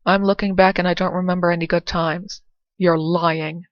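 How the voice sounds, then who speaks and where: A woman's voice: fairly low pitch, level tone, moderate pace, no room sound, highs cut off. A woman giving casual, dry, sarcastic commentary while playing through a game and reading its dialogue. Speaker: let's play narrator.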